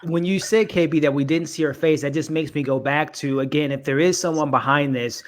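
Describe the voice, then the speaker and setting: A man's voice: fairly high pitch, fairly quick. A man hosting a casual discussion podcast, leading the talk and passing questions to his co-hosts. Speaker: podcast host. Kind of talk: casual pop-culture discussion.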